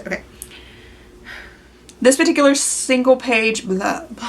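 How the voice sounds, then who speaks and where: A woman's voice: mid-range voice, unhurried, fairly bright tone, a little hiss or hum. A woman hosting a scrapbooking channel, recording a casual voice-over full of bloopers, stumbling over her words and correcting herself aloud.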